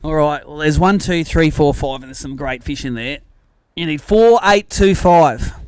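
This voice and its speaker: An Australian man with a high voice hosts a live fishing weigh-in. He jokes and teases the anglers as he reads out their bag weights. The sound is close and dry. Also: normal speed, clean tone, no room sound. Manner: joking, chatty, teasing anglers. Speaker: tournament host.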